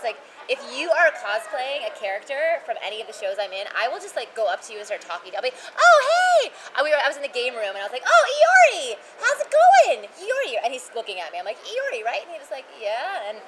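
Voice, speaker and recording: A woman voice actress chatting casually as an interview guest, lively and quick, jumping to high-pitched bursts when she acts out quotes. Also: very noisy. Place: convention venue.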